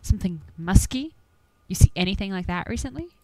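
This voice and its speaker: A woman's voice: medium pitch, expressive, brisk, a little mellow, no room sound, faint music behind, close to an everyday voice. A woman voicing an eager young woman who makes paranormal videos, earnest and coaxing.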